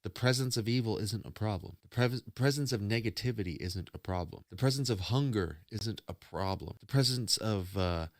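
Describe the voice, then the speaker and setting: A man's voice: on the low side, normal speed, few pauses, dry recording, studio quality. A man hosting a casual reaction stream, rambling and preachy as he philosophizes about love and faith. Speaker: streamer host.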